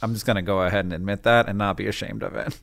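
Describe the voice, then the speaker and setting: A man co-hosting a podcast in casual chat, playful and excitable, often jumping high in pitch. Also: rapid-fire, creaky, noisy background. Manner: excitable, swings from high to low; playful, joking. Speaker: podcast co-host.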